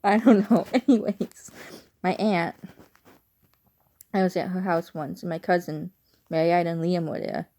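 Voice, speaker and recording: A woman's voice: fairly low pitch, steady tone, unhurried, pauses often, dark tone. A woman from Chicago with a speech impairment, chatting casually in a rambling, unsure way on her vlog. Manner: rambling, digressive, often unsure. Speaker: vlogger.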